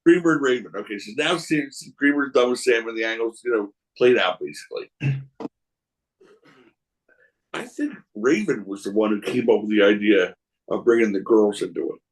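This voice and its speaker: Animated man spinning rambling stories. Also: on the low side, normal speed, rough recording. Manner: animated, acts out voices in his anecdotes; rambling, many restarts. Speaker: wrestling promoter guest. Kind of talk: casual storytelling.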